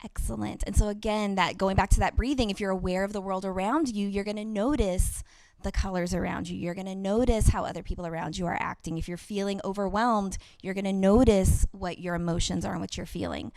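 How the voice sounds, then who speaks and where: Gravelly-voiced woman explaining to educators. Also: mid-range voice, steady tone, fairly quick, darkish tone, dry recording. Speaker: workshop presenter.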